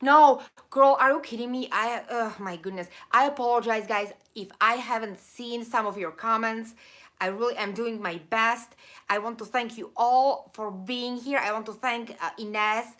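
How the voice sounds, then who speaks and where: A woman's voice: fairly high pitch, a bit bright. A woman with an accent hosting a live stream, rambling happily, thanking viewers and losing her voice. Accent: non-native accent. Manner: rambling, effusive, quick laughs, lots of thank-yous. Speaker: channel host of a live stream. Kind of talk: casual live-stream chat reading viewer comments.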